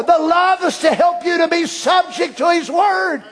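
An older man preaches with real fire. His voice sits unusually high for a man, especially when he climbs into a shout. Between those peaks he drops to quiet, near-murmured asides. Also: unhurried, few pauses. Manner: fervent, swings from hushed asides to shouted declarations. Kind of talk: Pentecostal-style sermon.

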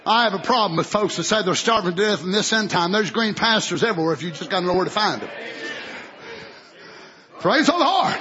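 A preacher, a man with a very high, lively voice, delivers a fervent sermon. His tone is bright and sharp, and he swings between quiet, stretched-out phrases and ringing shouts. The recording sounds dull and lo-fi. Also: brisk, husky. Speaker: pastor.

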